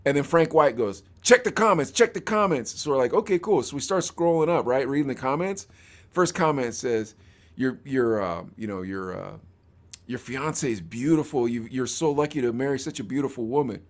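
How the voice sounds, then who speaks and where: A man's voice: medium pitch, moderate pace. A man hosting a podcast in casual chat, telling anecdotes and acting out the people in them. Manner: animated, acts out voices in his anecdotes. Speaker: podcast host.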